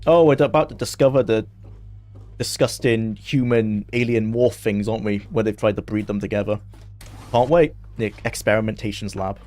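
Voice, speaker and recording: A man's voice: on the low side, fairly even intonation, normal speed, darkish tone, faint music behind. A young man chatting casually on a game stream, laughing often and talking to his chat.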